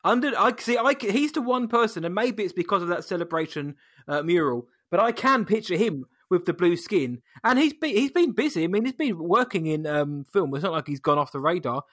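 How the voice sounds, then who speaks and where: A man co-hosting a casual chat in a measured, thoughtful way with dry humor. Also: high-pitched, very animated, fairly bright tone, no room sound. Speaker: podcast co-host.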